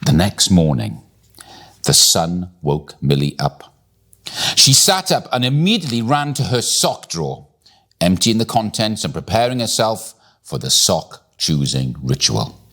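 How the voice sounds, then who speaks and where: A man reading a bedtime story aloud in an expressive, deliberate storytelling manner. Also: sits low.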